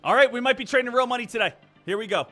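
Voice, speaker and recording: A man's voice: extremely high pitch, racing, a bit bright, faint music behind. A man streaming about stock trading, lecturing emphatically and repeating phrases for effect. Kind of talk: live-stream motivational talk.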